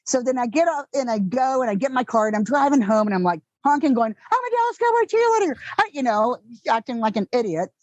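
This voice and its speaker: A middle-aged woman with a Texan accent telling candid, animated stories in an interview, swearing freely and acting out the people in them. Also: on the high side, fairly quick, few pauses, no echo, muffled recording. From Texas. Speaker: actress guest. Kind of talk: casual interview storytelling.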